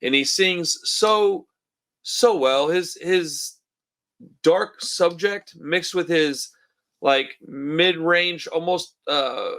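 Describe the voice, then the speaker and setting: Male podcast co-host, casual and enthusiastic, bright forceful tone, slightly higher pitch. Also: extremely slow. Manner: enthusiastic, says dude and bro a lot. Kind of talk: casual chat. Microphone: remote call mic.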